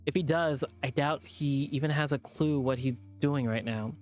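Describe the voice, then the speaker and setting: A man's voice: on the high side, normal speed, darkish tone, soft background music. A man streamer reading a visual novel aloud as narration, with plain delivery and the odd off-script aside.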